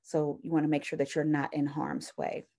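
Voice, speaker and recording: A woman's voice: deep voice, little pitch movement, moderate pace, mellow. A woman, a counseling professor, giving a recorded university lecture in a conversational way, often correcting herself and showing items to the camera. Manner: conversational, frequent fillers and self-corrections; shows items to the camera while teaching.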